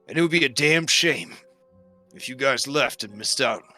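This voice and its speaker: A man's voice: animated, normal speed, pushed and bright, faint music behind. A man doing a grumbling weary warrior. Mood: solemn. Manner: grumbling, low and solemn.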